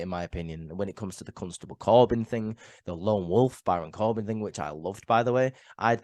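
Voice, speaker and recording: A man's voice: medium pitch, no echo, clean studio sound. A man who is ill and sniffling, giving a chatty, opinionated solo review full of "um" and "like" and repeated words. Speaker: wrestling show reviewer.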